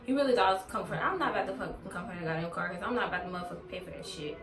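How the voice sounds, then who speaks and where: A woman's voice: lowish voice, racing. Woman ranting storytime, cussing nonstop, echoey room, kinda far off the mic. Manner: blunt, heavily profane venting. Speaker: vlogger. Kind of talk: casual storytime rant. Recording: roomy, distant from mic.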